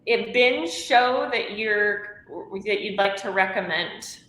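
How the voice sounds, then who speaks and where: Bright-voiced woman hosting an interview. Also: mid-range voice, reverberant, rough recording. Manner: brisk rapid-fire questions. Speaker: podcast host.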